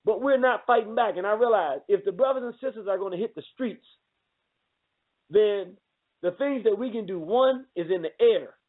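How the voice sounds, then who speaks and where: A man's voice: high-pitched, moderate pace. A man hosting a radio show, giving an impassioned political talk that often repeats words as he presses his point. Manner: fervent, repeats words when worked up. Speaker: radio host. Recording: tinny phone-like audio.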